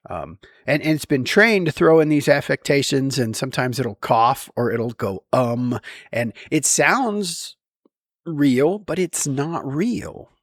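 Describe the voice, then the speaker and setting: A man's voice: a little high, expressive, a little slow, dry recording, clean studio sound. A man talking casually to camera in a rambling way, with many ums and restarts and frequent chuckles. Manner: chuckles often while talking. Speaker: vlogger.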